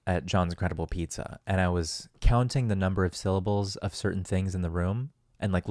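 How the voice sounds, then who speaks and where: A man's voice: low voice, a little mellow, no room sound, clean studio sound. A man hosting a solo podcast, talking in a loose, rambling, profane and self-deprecating way. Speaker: podcast host. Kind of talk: casual solo podcast monologue.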